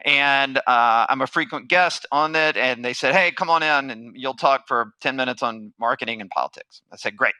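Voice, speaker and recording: A middle-aged man giving a motivational keynote, telling a story with animated energy and acting out the people he quotes. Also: mid-range voice, moderate pace, hardly any pauses, no echo, low-quality recording. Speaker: marketing speaker.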